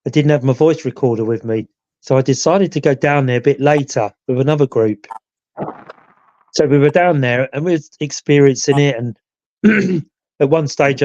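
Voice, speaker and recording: This show regular, a ghost hunter, casually walks through an investigation on a live chat show, rambling with lots of "you know." His voice is mid-range and darkish. The sound has no room ambience, and the high frequencies are missing.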